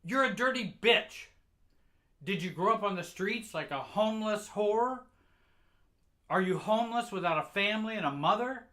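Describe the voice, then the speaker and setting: Man voicing a middle-aged abusive mother in a spoken story, shrill, screaming, bright and harsh. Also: lively intonation, moderate pace. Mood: furious, berating. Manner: shrill, screaming insults and despair.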